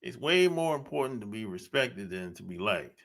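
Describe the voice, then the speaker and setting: A man's voice: on the low side, sing-song, vocal fry, a bit bright. A man hosting a podcast, talking bluntly in a casual monologue and laughing often. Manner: blunt, laughing often, drawn-out emphatic phrasing. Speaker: podcast host.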